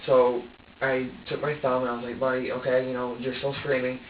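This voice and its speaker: A man's voice: mid-range voice, flat delivery, slight background noise. Stammering man heard from far off. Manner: halting, stammering, many restarts; acts out his own past words. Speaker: suspect being questioned. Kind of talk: police interrogation. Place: interrogation room. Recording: distant echoey phone-like archive audio.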